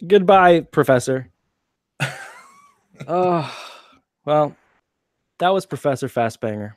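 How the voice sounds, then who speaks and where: Podcast host dude, jokey, laughs a lot, bouncy voice, dead dry sound. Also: male voice, fairly high pitch, animated, takes it slowly, dry recording. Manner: teasing, laughs often. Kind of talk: casual chat.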